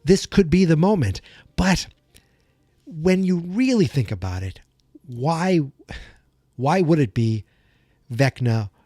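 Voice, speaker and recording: A male podcast host recaps a TV episode in casual, rambling chat. He sounds like an eager fan who gets choked up, and his voice is mellow and dark. The sound is dry and close. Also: a little high, expressive, takes it slowly, pauses often, no echo. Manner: chatty, emotional fan retelling scenes.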